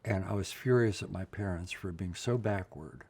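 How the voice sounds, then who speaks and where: A man's voice: deep voice, moderate pace, gravelly, darkish tone, slightly rough. An older man from Pennsylvania, telling his life story in an interview, blunt and emotional, often checking in with "right?". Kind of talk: candid personal storytelling.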